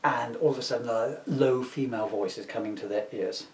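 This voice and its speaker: Man, children's book reader, jokey asides, mid pitch, roomy echo, distant mic. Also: a little fast. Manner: chatty and jokey, many fillers. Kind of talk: casual storytelling with asides.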